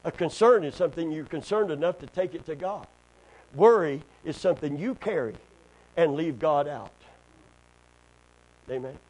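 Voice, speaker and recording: High-voiced preacher man, swinging loud and soft. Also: animated, normal speed, pauses often, poor audio. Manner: preaching with sudden loud high climbs and quiet low asides. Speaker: pastor. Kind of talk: sermon.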